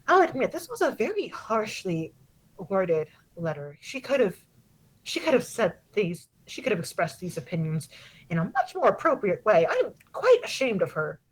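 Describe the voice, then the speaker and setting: A woman voicing a gentle, patient mother who speaks softly and carefully in a tabletop role-play. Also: mid-range voice, huge pitch swings, normal speed, breathy edge, poor audio. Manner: soft, careful, soothing.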